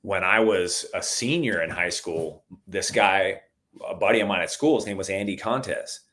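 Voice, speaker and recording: A middle-aged man telling stories in a relaxed conversation, calling the listener "dude" a lot and getting animated at the exciting parts. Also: low-pitched, moderate pace. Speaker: podcast guest. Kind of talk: casual storytelling chat.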